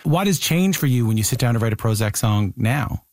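A man's voice: mid-range voice, expressive, a little fast, a little mellow, no room sound. Male interviewer with a mid-range voice, casual and rambling, recorded dry. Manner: casual, hesitant questioning with fillers. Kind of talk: interview conversation.

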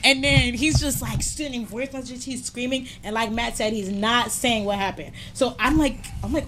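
Animated young woman in casual chat. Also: a little high, moderate pace, hardly any pauses, a little hiss or hum. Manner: animated storyteller, slangy.

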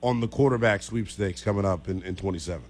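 A man's voice: low voice, fast talker. Chatty young male sports radio host. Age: young adult. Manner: joking, chatty, teasing callers. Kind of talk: casual sports talk radio.

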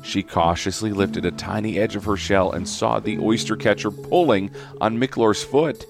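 A man reading a children's story aloud in a slow, gentle storyteller's manner. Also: lowish voice, creaky, music in the background.

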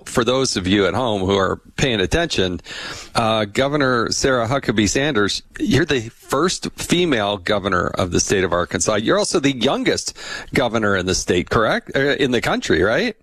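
A man hosting a podcast interview in a chatty, effusive way, often slipping into funny stories. His voice sits fairly low, and the recording is dry and close-miked. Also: very animated, moderate pace, a bit bright, no echo. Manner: chatty, effusive, tells humorous anecdotes. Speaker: podcast host. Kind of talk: casual interview chat.

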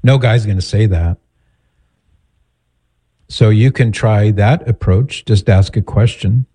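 A man with a lowish, mellow voice hosts a call-in advice show. He counsels the caller in a measured, patient way and talks it through calmly. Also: breathy edge. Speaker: radio advice host.

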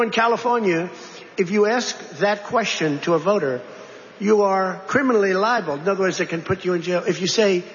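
A man delivers a loose, digressive speech in a high-pitched voice, circling back to repeat himself and tossing rhetorical questions at the room. The sound is muffled and lo-fi, with a long reverb tail from a large hall and a faint hiss underneath. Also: a bit bright. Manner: digressive, repetitive, conversational asides and rhetorical questions. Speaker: politician addressing a crowd. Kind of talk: rambling campaign-style speech. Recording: dull, reverberant hall recording with faint noise.

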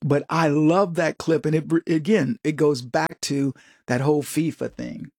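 This is an American man in middle age hosting a political commentary show. His voice is husky and sits fairly high, and he talks animatedly, often popping up into higher, excited quoted voices. The sound is dry and close. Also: unhurried, dry recording. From United States.

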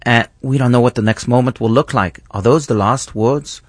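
Man, rabbi, earnest and reflective, restarts phrases, mid-pitched voice, dry close recording. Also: moderate pace, no echo. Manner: thoughtful, earnest, with frequent restarts. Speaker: rabbi, guest. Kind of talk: reflective teaching in conversation.

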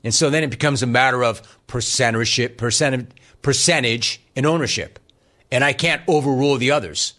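A middle-aged man hosting a talk show, ranting emphatically in an animated monologue. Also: mid-range voice, normal speed. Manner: emphatic, riffs and rants, acts out quotes. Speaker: radio talk show host.

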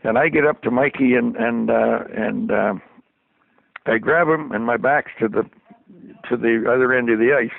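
An older man telling a story in a folksy, animated way, chuckling as he goes. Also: mid-range voice, moderate pace, vocal fry, dry recording. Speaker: storyteller guest. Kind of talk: casual anecdote on radio. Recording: tinny phone line on radio.

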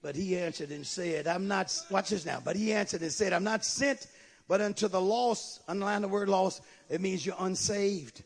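A man preaching a sermon, swinging from shouted lines to low asides. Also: animated, a little slow, vocal fry, breathy edge. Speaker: pastor.

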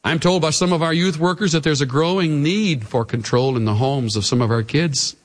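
A middle-aged pastor preaches at normal speed in an earnest, pleading tone. His voice rises to raised highs and drops to hushed lows.

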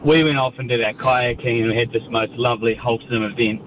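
A man's voice: medium pitch, fairly even intonation, quick pace, fairly bright tone. A man with a New Zealand accent, calling in to a radio show and telling a story casually, with lots of ums, restarts and laughter. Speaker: radio caller. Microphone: phone. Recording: muffled phone line with noise.

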